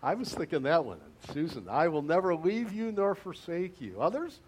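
Male pastor with a high voice, conversational sermon delivery that repeats key words for emphasis. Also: very animated, normal speed, breathy edge. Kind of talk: interactive sermon with congregation.

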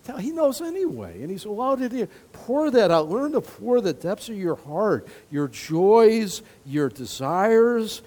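Lively, chatty male pastor preaching. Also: high-pitched, measured pace, hardly any pauses. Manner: conversational preaching with asides and laughs. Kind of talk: sermon.

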